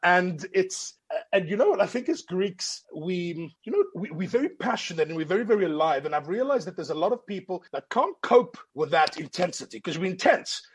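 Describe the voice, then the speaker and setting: A man telling animated anecdotes in casual chat. He is expressive, swears freely and slips into voices. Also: sits high, a little fast, husky. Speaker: guest storyteller.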